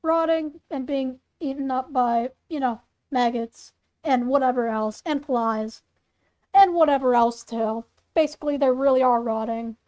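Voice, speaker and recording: A woman's voice: sits high, a little slow, a little mellow. A woman hosting her channel, reading her own spooky fan story aloud with chatty asides, often stumbling and correcting herself. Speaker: channel host and story reader.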